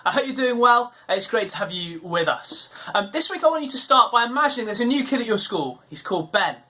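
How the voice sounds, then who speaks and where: Husky, bouncy British woman, kids' talk, acts out the voices. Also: a little high, fast. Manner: animated storytelling, acts out quoted voices. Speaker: church children's talk leader. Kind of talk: online children's Bible talk.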